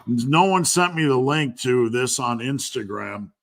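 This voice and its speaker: A man's voice: mid-range voice, expressive, a little slow, vocal fry, a bit bright. A man hosting a live stream Q&A as a strength coach, talking candidly and bluntly with lots of fillers.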